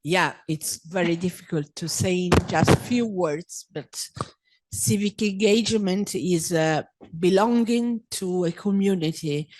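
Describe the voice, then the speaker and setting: A woman from Italy, a panelist speaking haltingly as she searches for words. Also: fairly low pitch, a little mellow. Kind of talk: panel discussion.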